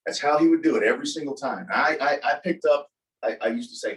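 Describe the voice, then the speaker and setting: A man telling a personal story in a casual talk, animated and acting out the voices of the people he quotes. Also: medium pitch, fast. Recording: voice from a distance from the mic.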